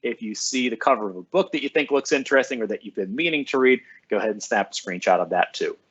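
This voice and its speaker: A man's voice: medium pitch, fast talker, a bit bright, slightly rough. Upbeat man on a lo-fi live stream. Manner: upbeat and chatty, greeting viewers by name. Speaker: school librarian hosting a live stream. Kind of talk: casual live-stream address to students. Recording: slightly dull, lo-fi sound.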